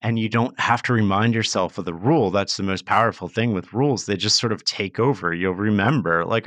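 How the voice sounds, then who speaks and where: A man's voice: on the low side, fast talker, few pauses, fairly bright tone, no echo. A man who is a guest on a podcast, giving advice in an earnest, explanatory way with plenty of casual fillers. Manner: earnest, explanatory, uses many fillers like "like" and "sort of". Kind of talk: conversational advice.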